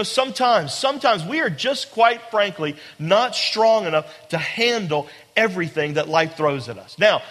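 Pastor guy preaching, keeps repeating himself and talking right to the crowd, high voice, big hall reverb. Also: fairly bright tone. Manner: emphatic, repeats phrases, asks rhetorical questions; speaks directly to the congregation. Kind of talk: sermon. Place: large room with a congregation.

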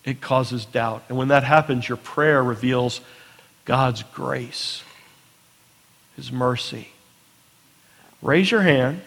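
A man's voice: mid-range voice, slow, creaky, long pauses, a bit bright. A pastor preaching a sermon in an earnest way, often repeating words as he starts a phrase. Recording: long hall reverb.

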